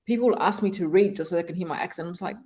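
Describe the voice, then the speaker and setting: Panel guest on a video call, lively and anecdotal, medium pitch. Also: very fast. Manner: animated storytelling, laughs often. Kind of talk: live panel conversation.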